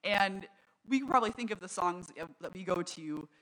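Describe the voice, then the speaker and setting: A woman pastor speaks in a relaxed, conversational sermon style. Her voice is bright and clear, at a middle pitch for a woman. She reads quoted lines slowly and with lift. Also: rough recording. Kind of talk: casual sermon with a quiz game. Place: church service.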